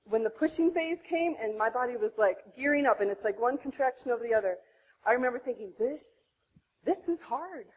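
Breathy high-voiced woman telling a story. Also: fast, low-quality recording. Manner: animated, acts out her own past voice with big pitch jumps. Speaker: mother sharing her birth story. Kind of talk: impassioned personal testimony.

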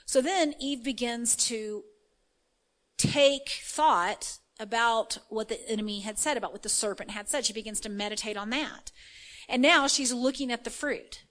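Woman preaching kinda casual, lots of ums, voice sits a bit high, keeps asking if u hear her. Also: moderate pace, a bit bright, low-quality recording. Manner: conversational, many fillers, checks in with listeners. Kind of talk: informal sermon with scripture reading.

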